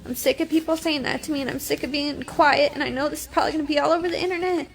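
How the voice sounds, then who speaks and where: A woman's voice: high-pitched, steady tone, rapid-fire. A woman in her twenties, crying as she talks in an upset, defiant livestream monologue on her phone. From United States. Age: 20s. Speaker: reality TV personality.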